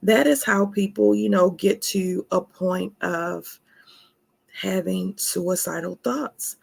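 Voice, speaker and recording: A woman's voice: medium pitch, slow pace, gravelly, breathy edge. A woman giving an emphatic self-care talk, calling her listeners honey. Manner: emphatic, laughing asides, calls listeners honey. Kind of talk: motivational talk.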